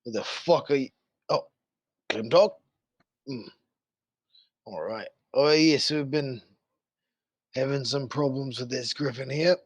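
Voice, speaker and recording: Man as rough-talking captain of the guard, blunt, crude, middle-pitched. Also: slow, pauses often, dry recording. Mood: gruff. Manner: swearing, blunt, dismissive.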